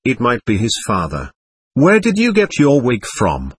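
A husky-voiced man reading the lines of a passionate, quick-tempered young woman in an audiobook. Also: medium pitch, wildly swooping pitch, dry recording, heavily acted. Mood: furious. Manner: furious, cutting.

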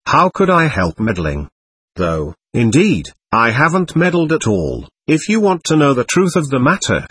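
A man reading the part of a sly, servile manservant who talks deliberately and with affected politeness. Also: medium pitch, wildly swooping pitch, fairly bright tone, husky, full character voice. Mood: complaining.

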